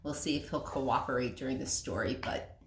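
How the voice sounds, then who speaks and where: A woman teacher reading a picture book aloud to children, gently asking questions and explaining words. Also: a bass voice, fairly quick, reverberant.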